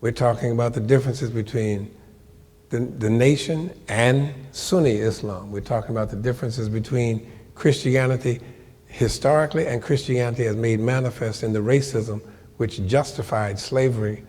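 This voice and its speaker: An older man telling a story from his life to a live audience, animated and colloquial, acting out the voices of the people in it. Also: mid-range voice, moderate pace, long reverb tail. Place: lecture hall before an audience.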